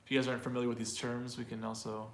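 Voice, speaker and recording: A man's voice: mid-range voice, flat delivery, rapid-fire, roomy sound, slight background noise. A man teaching an online English pronunciation class. He explains in a talkative way and often repeats or restarts words.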